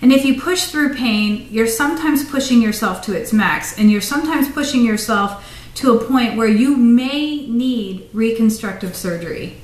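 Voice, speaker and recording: A woman giving a casual, rambling pep talk on a phone livestream, drifting off on tangents. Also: a little high. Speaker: running and fitness motivator. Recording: roomy sound from far off the mic.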